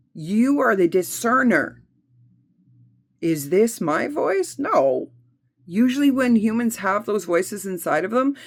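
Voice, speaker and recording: Emphatic woman giving a spiritual healing talk. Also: lowish voice. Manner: emphatic, repetitive, blunt with occasional swearing. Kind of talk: spiritual self-help talk.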